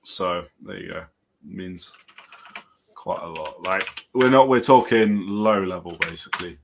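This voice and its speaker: A man's voice: deep voice, a little slow, creaky, background noise. A man co-hosting a casual boxing chat show, laid-back and hedging, often trailing off. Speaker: co-host.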